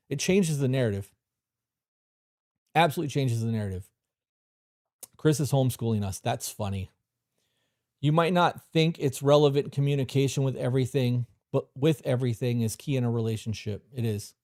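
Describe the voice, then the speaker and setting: A man's voice: mid-range voice, dark tone, dry recording, clean studio sound. A man hosting a live stream, giving blunt, profane relationship advice and answering chat questions directly. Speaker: host.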